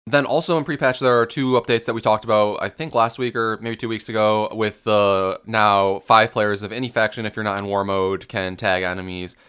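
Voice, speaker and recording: A man's voice: lowish voice, fairly even intonation, fairly quick, hardly any pauses, fairly bright tone, smooth. A man co-hosting a casual gaming podcast, musing aloud and filling his speech with "like". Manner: filler-heavy, musing. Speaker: podcast co-host.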